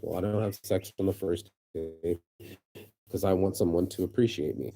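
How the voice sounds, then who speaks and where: A man's voice: sits low, fairly even intonation, moderate pace, warm tone. A man with an American accent ranting casually to camera from a hammock outdoors, profane and rambling, stumbling and repeating words as he gets worked up. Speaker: vlogger.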